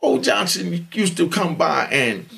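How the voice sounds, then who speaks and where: Animated gravelly man telling a story. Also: sits high, measured pace. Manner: animated, streetwise, repeats "you know what I mean". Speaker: podcast host telling stories. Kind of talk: storytelling monologue.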